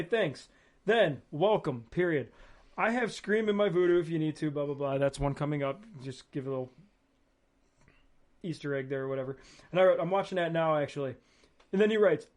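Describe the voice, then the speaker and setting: High-voiced teasing podcast co-host man. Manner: storytelling, teasing. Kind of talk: casual chat.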